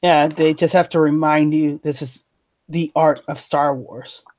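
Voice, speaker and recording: Higher-voiced talkative man, dry sound. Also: fairly even intonation, measured pace, darkish tone, dry recording. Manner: talkative, argues points at length. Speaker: co-host. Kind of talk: casual chat.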